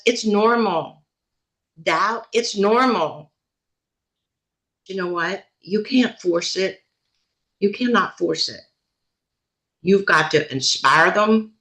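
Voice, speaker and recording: A woman's voice: mid-range voice, poor audio. Emphatic woman leading a motivational call. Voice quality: animated, emphatic, repeats phrases. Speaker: team leader hosting a call. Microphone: video call.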